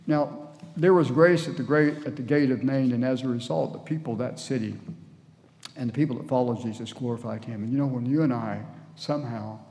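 A man's voice: medium pitch, fairly quick, a little mellow. A man preaching a sermon in church, earnest, sometimes acting out the people in the story. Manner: earnest, acts out voices in the story. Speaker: guest preacher. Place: church hall. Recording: long church hall reverb.

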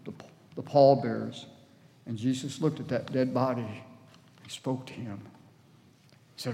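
A man's voice: medium pitch, fairly even intonation, normal speed, vocal fry, long pauses, warm tone. Earnest male preacher, sermon delivery, church hall echo. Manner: earnest, acts out voices in the story. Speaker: guest preacher. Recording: long church hall reverb.

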